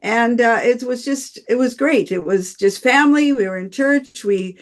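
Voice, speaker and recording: A woman's voice: a little high, moderate pace. A woman in a church study group, telling a story in a rambling way over a video call.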